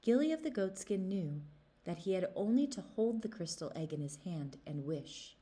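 Children's storyteller, woman, low and very animated. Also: moderate pace. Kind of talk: reading a fairy tale to children.

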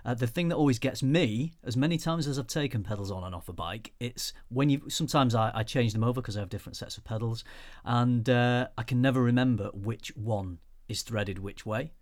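A man co-hosting a podcast, relaxed and knowledgeable, giving friendly advice. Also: mid-range voice, brisk, hardly any pauses. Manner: relaxed, knowledgeable, laughs along. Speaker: podcast co-host. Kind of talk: casual chat.

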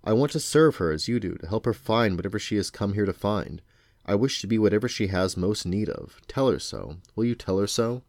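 A man reads the part of an earnest, lovesick young prince from a storybook. The voice is deep and set close in a dry room. He speaks plainly and pleads. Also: expressive, brisk, darkish tone, no room sound. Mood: pleading.

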